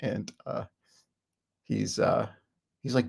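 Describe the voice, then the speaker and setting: A man's voice: fairly low pitch, lively intonation, moderate pace. A middle-aged man giving a rambling self-help talk, full of fillers and frequent chuckles. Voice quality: gravelly, husky.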